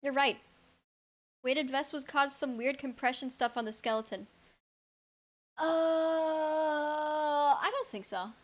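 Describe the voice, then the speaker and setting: Young woman streamer with a high voice, chatting live with viewers, stammering and incredulous. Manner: incredulous, stammering, quick to laugh.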